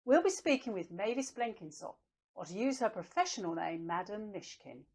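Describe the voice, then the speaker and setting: A prim, courteous TV presenter, acted by a woman, speaks in a lively, up-and-down voice at a middling pitch. She sounds eager and politely curious throughout. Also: moderate pace. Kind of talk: comedy sketch acting.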